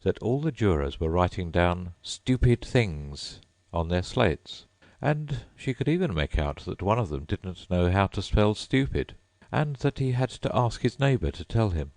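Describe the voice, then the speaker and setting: A man reading a classic storybook aloud as an audiobook narrator, in an expressive storytelling manner. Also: deep voice, normal speed, vocal fry, dry recording. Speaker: audiobook reader. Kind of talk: scripted narration.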